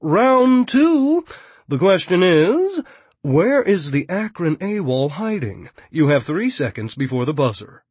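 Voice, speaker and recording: A man's voice: high voice, very animated, takes it slowly, a little mellow, slightly rough, no echo, voice pushed up, full character voice. A man voicing a cheerfully menacing adult bounty hunter in an audiobook, taunting and mock-cheerful. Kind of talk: audiobook character reading.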